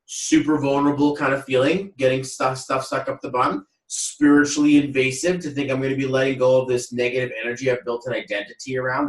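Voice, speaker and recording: Male podcast host, casual storyteller, mid pitch, acts out quotes, roomy and slightly off-mic. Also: a bit bright. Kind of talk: casual chat. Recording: roomy echo, voice a little far off mic.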